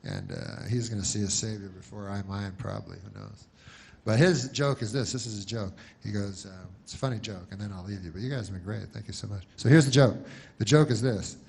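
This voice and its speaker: A man doing a stand-up comedy set, rambling and deadpan, halting with many restarts. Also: on the low side, gravelly, slightly rough.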